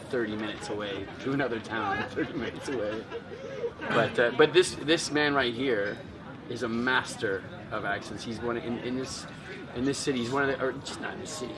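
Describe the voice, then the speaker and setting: A man hosting a casual chat outdoors in a city, lively and self-deprecating, laughing as he talks. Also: medium pitch. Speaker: host and voice actor. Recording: distant mic with street crowd.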